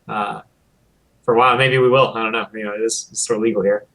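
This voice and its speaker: A man's voice: fairly low pitch, flat delivery, fast, sharp tone, poor audio. A man from Michigan chatting as a guest, rambling with lots of fillers. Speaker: guest commentator. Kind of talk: casual chat.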